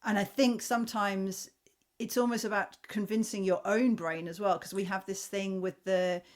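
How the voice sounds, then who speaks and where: A woman's voice: mid-range voice, fairly even intonation, normal speed. A woman hosting an interview as a voice coach, talking thoughtfully with restarts and frequent "you know". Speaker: host, voice coach. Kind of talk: conversational interview.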